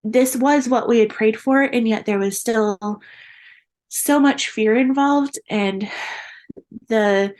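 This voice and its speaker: A young woman with a slightly high voice recounts a personal story in an interview. She speaks earnestly and candidly, laughing often even through the hard parts. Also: takes it slowly. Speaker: guest.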